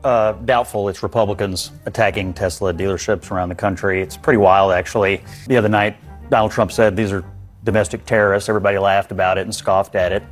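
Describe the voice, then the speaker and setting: A man arguing forcefully and indignantly as a guest on a TV panel debate. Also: lowish voice, fairly even intonation, fast, faint music behind.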